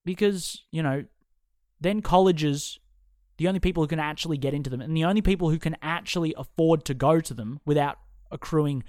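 A young male podcast host with a fairly high voice goes on a heated, profanity-heavy rant. The sound is dry and close, with no room around it. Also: dry recording.

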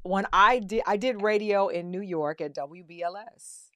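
Lively woman interviewer, dry close sound. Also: medium pitch, moderate pace, dry recording. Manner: animated storyteller, breaks into voices when quoting. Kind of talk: casual conversational interview.

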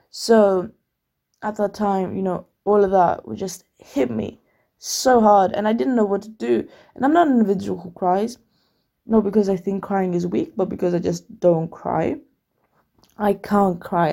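Young woman vlogger, a touch of fry, mellow tone, talks candidly with fillers and restarts. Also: mid-range voice. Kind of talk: personal storytelling vlog.

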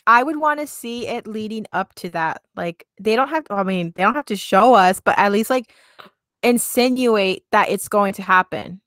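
A woman's voice: mid-range voice, normal speed, fairly bright tone, no echo. Chatty giggly woman with a dry close sound. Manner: chatty, giggly, heavy use of "like". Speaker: podcast co-host. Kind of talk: casual chat recapping a drama series.

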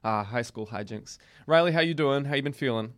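A man's voice: medium pitch, a little fast, clean tone. A young man hosting a podcast in casual, joking chat, teasing and laughing often. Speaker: podcast host.

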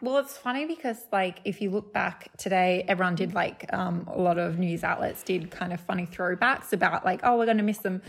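A young woman with an Australian accent co-hosting a podcast, chatty and quick to laugh. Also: lowish voice, steady tone, vocal fry, husky. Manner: chatty, laughs easily, tells anecdotes. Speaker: podcast co-host. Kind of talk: casual chat.

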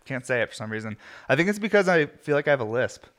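Young man, host, casual chat, rambling, lots of fillers, mid pitch. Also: very animated, fast talker, fairly bright tone. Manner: chatty, filler-heavy, self-interrupting. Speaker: host of a smoking video show.

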